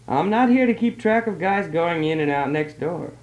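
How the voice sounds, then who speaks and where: A woman reading as a gruff, impatient shopkeeper. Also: on the low side, lively intonation, moderate pace, dull audio, natural voice. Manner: curt, impatient. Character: gruff, suspicious male shopkeeper. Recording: roomy old archive recording.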